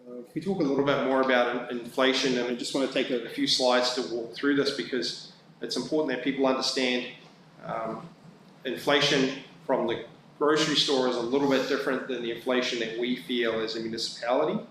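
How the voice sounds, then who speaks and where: A man presenting a budget at a council meeting, halting often with fillers and restarts. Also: medium pitch, fairly even intonation, fairly bright tone. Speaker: town staff presenting budget. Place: council chamber. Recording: very echoey room, faint background noise.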